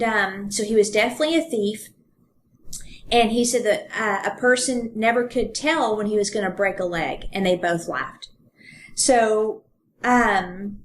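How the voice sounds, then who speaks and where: A woman's voice: medium pitch, slight background noise. A woman co-hosting a podcast, casually retelling a true-crime story and reading passages aloud with ums and fillers. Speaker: podcast co-host.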